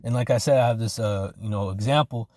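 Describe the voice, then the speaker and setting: A man preaching an informal sermon in casual street slang, filling his talk with "man" and "okay", and slowing down to read scripture loudly. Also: fairly low pitch, dry recording, clean studio sound. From Arizona, United States. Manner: reads scripture slowly and loudly.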